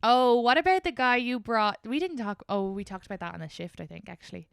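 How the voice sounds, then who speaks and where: A woman's voice: a little high, brisk, vocal fry, smooth, dry recording, studio quality. A young Irish woman hosting a podcast, chatting casually and telling stories with lots of laughter and acted-out voices. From Ireland. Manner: animated storyteller, acts out voices, laughs often. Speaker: podcast host. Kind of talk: casual chat.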